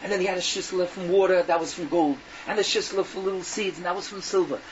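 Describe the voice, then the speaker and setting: An older man telling a folk tale with Yiddish phrases, animated, stumbling and restarting as he acts out the characters. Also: high-pitched, quick pace, recorded from a distance. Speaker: storyteller. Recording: dull lo-fi recording with faint noise.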